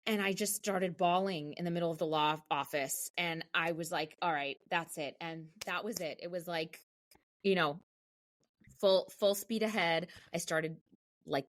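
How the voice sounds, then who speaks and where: A woman cantor in an interview, telling her story in a lively way and acting out the people she quotes. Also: low voice, moderate pace. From United States. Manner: animated, acts out quoted voices.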